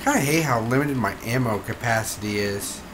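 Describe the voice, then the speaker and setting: A man's voice: medium pitch, brisk. A man casually commenting while playing a video game, chatting through each move. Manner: chatty, talks through gameplay. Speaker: gamer host. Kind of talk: casual let's-play commentary. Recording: noticeable background noise.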